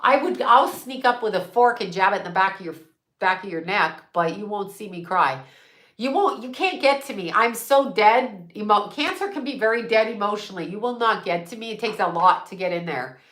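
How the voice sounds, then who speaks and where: A woman's voice: mid-range voice, expressive, moderate pace, a bit bright, roomy sound. A middle-aged woman, a psychic medium, chatting casually and bluntly, swearing freely and laughing often. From United States. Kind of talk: casual livestream chat.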